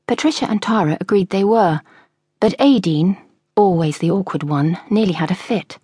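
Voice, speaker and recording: A woman narrating a historical novel audiobook in a measured storytelling manner. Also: on the low side, lively intonation, dark tone, husky, no room sound, clean studio sound.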